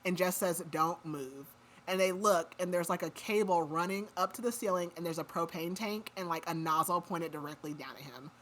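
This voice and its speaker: In a lowish, fairly bright voice at normal speed, a woman chats casually on a podcast about a book's plot, leaning on "like" as a constant filler.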